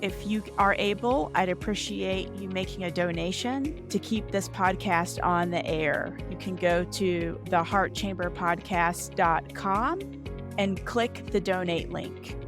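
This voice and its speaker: A woman hosting a podcast, welcoming her guest warmly. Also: fairly low pitch, unhurried. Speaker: podcast host. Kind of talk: podcast intro and interview. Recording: intro over music.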